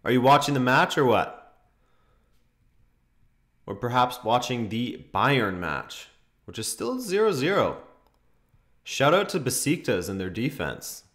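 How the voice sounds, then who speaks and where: A man's voice: medium pitch, sing-song, measured pace, long pauses, a bit bright. A young man hosting a football watchalong stream, chatting casually, reading viewer comments and reacting to the match with laughs and exclamations.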